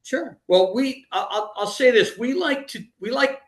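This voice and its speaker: A man's voice: extremely high pitch, animated, a little slow, roomy sound. A middle-aged man, a band leader, answering interview questions in an easygoing way.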